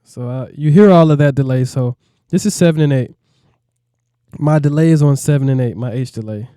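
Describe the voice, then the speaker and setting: A man's voice: medium pitch, dark tone, dry recording, studio quality. A man, a music producer, walking through a plugin in a laid-back, rambling way, often asking "you know what I mean". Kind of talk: casual tutorial walkthrough.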